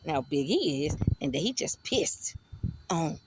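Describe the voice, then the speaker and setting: A woman's voice: low voice, very animated, unhurried, background noise. A woman vlogger telling a long story in a casual, rambling way, swearing freely and often checking in with "you know". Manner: rambling, profane, conversational.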